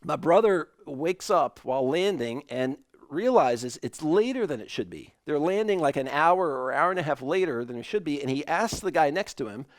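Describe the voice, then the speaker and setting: A man preaching an online sermon in a relaxed, conversational way, telling a family story with animated asides. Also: on the high side, normal speed, hardly any pauses, no echo, studio quality. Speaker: pastor.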